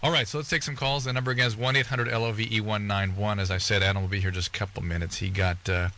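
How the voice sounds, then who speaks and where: A man hosts a late-night call-in radio show, fast and chatty and often restarting his sentences. His voice sits low but sounds bright and forward. Faint hiss sits under it. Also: fairly even intonation. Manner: quick, chatty, frequent restarts. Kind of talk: radio talk and interview.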